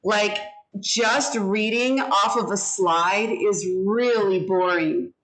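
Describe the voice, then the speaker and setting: Slow-paced woman teaching a class. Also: mid-range voice, fairly bright tone, poor audio. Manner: slow, deliberate, models pronunciation. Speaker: English teacher. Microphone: video call.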